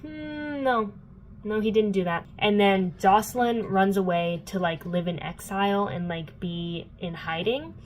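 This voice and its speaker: A woman's voice: mid-range voice, fairly even intonation, unhurried, a little hiss or hum, low-quality recording. A young woman vlogging a casual, sarcastic book recap full of fillers. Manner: chatty, filler-heavy, sarcastic asides.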